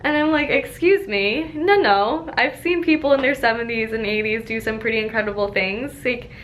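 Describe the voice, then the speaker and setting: An upbeat young woman talks through a casual vlog, full of encouragement and excitement. Her voice sits a little high, with a faint rumble underneath. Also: brisk. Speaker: dietitian. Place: health clinic office.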